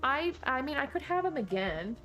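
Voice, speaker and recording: A woman streamer chats loosely and at length, drifting between her game and stories while answering viewers. Her talk wanders with restarts and asides. Chill music plays clearly under her voice. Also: high voice, very animated, normal speed, bright, forceful tone. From Texas. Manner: chatty, rambling, reads and answers chat. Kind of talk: casual game stream chat. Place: home desk. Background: background music.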